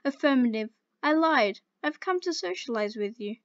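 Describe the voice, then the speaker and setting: A woman's voice: high-pitched, expressive, moderate pace, no echo. A woman voicing a nerdy, formal alien girl who is lovestruck, in a dull lo-fi home recording. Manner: stiff, formal wording.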